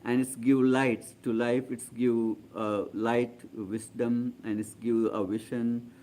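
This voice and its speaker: Slow-spoken man guiding meditation. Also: mid-range voice, little pitch movement, mellow. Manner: slow, halting, many fillers and repetitions. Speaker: meditation teacher. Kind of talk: guided meditation talk.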